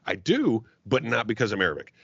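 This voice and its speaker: A man's voice: on the low side, brisk, gravelly, breathy edge, dry recording. A man telling a long, profane story on a podcast and acting out the quotes, a podcast guest chatting casually. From Arab heritage. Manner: profane, animated storyteller who acts out quotes. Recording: dull, dry lo-fi podcast audio.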